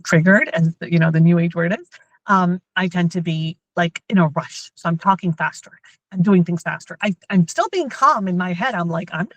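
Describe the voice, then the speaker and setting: A woman and mother giving a lively workshop talk on emotional intelligence to parents and teachers. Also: on the low side, dry recording, poor audio. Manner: lively, acts out everyday scenes in quoted voices.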